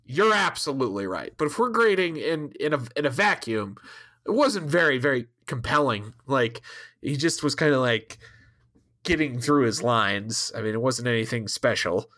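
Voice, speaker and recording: A man's voice: medium pitch, lively intonation, moderate pace, pushed and bright. A man co-hosting a casual podcast, critiquing a TV episode in a hedging, conversational way with loose swearing. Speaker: podcast co-host.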